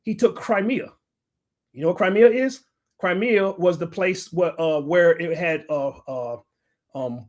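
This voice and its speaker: A middle-aged man hosts a livestream and lectures his viewers in a combative, profane tone. His voice sits fairly high for a man. He argues hard and curses freely. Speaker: livestream host. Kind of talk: ranting livestream commentary.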